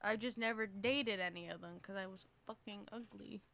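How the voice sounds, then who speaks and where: With vocal fry and a slightly bright, mid-range voice, a young podcast co-host talks at normal speed in a relaxed conversation. She laughs, curses, and jokes at her own expense.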